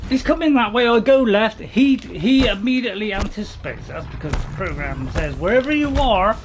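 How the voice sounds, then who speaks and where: A let's-play commentator narrating a tough fight live. The voice swings up and down in pitch, getting exasperated, scolding enemies and laughing at the chaos. A clear layer of noise and game sound sits under the voice. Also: lively intonation, moderate pace. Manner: exasperated, talks to enemies, laughing at own panic.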